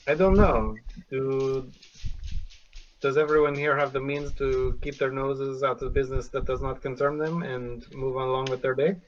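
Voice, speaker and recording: A man's voice: mid-range voice, steady tone, moderate pace, dull audio, slight background noise, lightly acted. Man playing a defiant, stubborn adventurer. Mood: indignant. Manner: defiant, curses, many filler ums. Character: stubborn male adventurer guarding his own quest. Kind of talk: in-character tabletop role-play.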